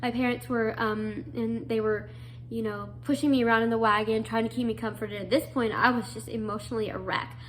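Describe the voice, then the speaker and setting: A woman's voice: fairly high pitch, steady tone, a little fast, a bit bright, a little hiss or hum. A young adult woman earnestly telling a personal story, full of fillers and restarts. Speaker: guest telling her story.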